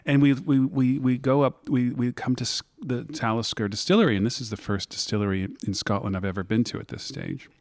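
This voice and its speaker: A man's voice: mid-range voice, steady tone, fairly quick, few pauses, darkish tone, no echo. A middle-aged American man telling his story as an interview guest, reflective and prone to restarts. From United States. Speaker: guest, whisky maker. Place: blending room in an office.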